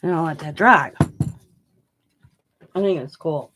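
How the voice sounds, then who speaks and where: Lady with a lowish voice chatting through a craft stream, chewing gum, bit of hiss behind. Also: unhurried. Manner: relaxed, chatty, chewing gum while talking. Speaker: craft channel host. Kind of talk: casual craft livestream chat.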